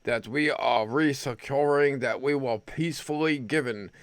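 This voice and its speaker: A man's voice: mid-range voice, unhurried, clear, resonant tone, dry recording, close to an everyday voice. A man voicing a stiff, mock-solemn male Russian official in a put-on Russian accent.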